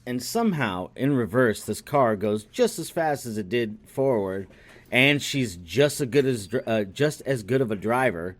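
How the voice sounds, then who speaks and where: A man co-hosting a podcast, recapping a movie in a profane, rambling chat that swings from animated to muttering. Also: mid-range voice. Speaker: podcast co-host.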